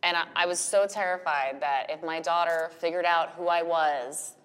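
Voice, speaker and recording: Low-voiced frank woman, reverberant room. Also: normal speed, smooth. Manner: frank, profane, animated storytelling. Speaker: podcast guest, business owner and mother. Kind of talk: candid casual interview talk.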